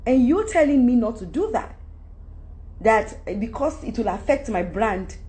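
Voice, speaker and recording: A Nigerian woman in her forties holds forth on her own in a high voice. She talks with animated, emphatic energy. Her pitch swings widely as she jumps from one point to the next. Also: a little slow. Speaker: actress giving advice. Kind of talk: casual monologue to camera.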